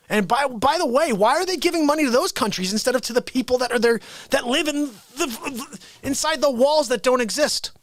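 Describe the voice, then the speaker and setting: A man's voice: high-pitched, dry recording, studio quality. A man hosting a live show, delivering an exasperated satirical comedy rant. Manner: exasperated ranting.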